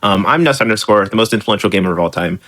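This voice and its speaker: A man's voice: on the low side, expressive, fast, fairly bright tone. A man commentating his own speedrun, rambling, laughing a lot and mocking himself. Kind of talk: casual commentary while playing.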